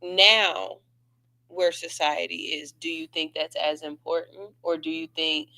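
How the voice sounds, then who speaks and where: A woman's voice: sits low, level tone, measured pace, sharp tone, low-quality recording. A woman hosting a radio interview, teasing her guest in playful, slangy casual chat. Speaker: radio show host. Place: radio station studio.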